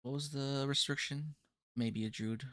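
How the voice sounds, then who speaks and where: A man's voice: medium pitch, unhurried, no echo. A man running a casual tabletop session zero as game master, joking with his players and reading out setting lore. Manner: relaxed, joking, reads lore aloud.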